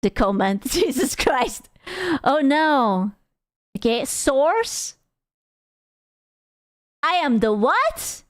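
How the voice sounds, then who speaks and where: A woman's voice: high-pitched, sing-song, very slow, pauses often, dry recording. A young woman streamer giving casual, rambling reaction commentary, swearing freely and sounding exasperated. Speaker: VTuber streamer.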